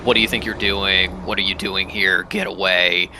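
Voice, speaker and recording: A man's voice: low-pitched, level tone, moderate pace, noisy background, natural voice. A man voicing a stern, aggressive guard woman who barks short orders in a tabletop game. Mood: demanding. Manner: curt, commanding orders.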